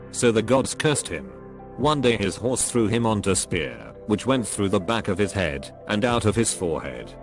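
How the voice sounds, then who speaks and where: A man with a fairly low voice reads out one short story after another in a steady, even narration. Soft music plays quietly behind him the whole time. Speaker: narrator reading online stories. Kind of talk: scripted narration. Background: faint background music.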